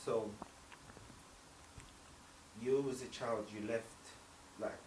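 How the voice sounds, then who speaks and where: A man's voice: medium pitch, steady tone, takes it slowly, a little mellow. A man asking short, casual interview questions and prompting with brief replies. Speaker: podcast interviewer. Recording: distant, roomy, noisy.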